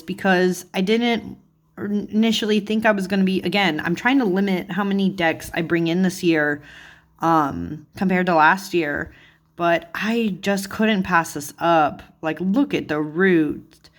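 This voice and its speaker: Woman flipping through cards, gushes over everything, low-ish voice, takes her time. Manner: gushing, easily delighted, lots of "like" and "oh my goodness". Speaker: tarot channel host. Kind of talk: chatty deck flip-through.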